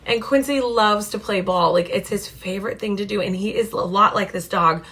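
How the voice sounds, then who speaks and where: A young woman hosting a children's storytime from home, reading a picture book aloud in an animated, chatty way and asking her young listeners questions. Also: mid-range voice, normal speed.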